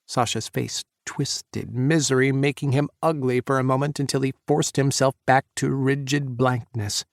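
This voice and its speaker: A man narrating an audiobook romance in a measured, intimate way. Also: mid-range voice, steady tone, gravelly, no echo, studio quality. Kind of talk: scripted narration.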